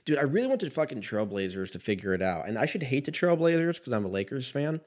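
A man's voice: mid-range voice, very animated, fast, darkish tone. A man in his thirties ranting casually about basketball in a rambling, profane, self-mocking way. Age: 30s. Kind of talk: casual solo sports rant.

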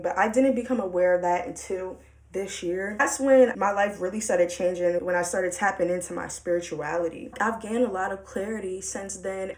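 A young woman hosts her own podcast alone, catching listeners up in a loose, candid way. Her voice sits in a middle pitch, and she drops slangy asides as she goes. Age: young adult. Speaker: podcast host. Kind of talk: casual solo podcast monologue.

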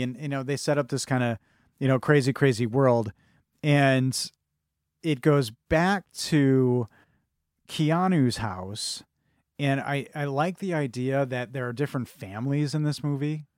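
A man's voice: medium pitch, a little slow, a little mellow, no room sound, studio quality. A man co-hosting a casual film podcast, talking in rambling bursts with many restarts. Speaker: podcast co-host.

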